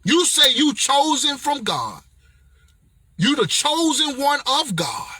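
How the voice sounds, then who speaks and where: A man delivering an impassioned motivational message, blunt and confrontational in a preacher-like way, often raising his voice to a shout. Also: very high-pitched, huge pitch swings, takes it slowly, dry recording, studio quality. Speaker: motivational speaker.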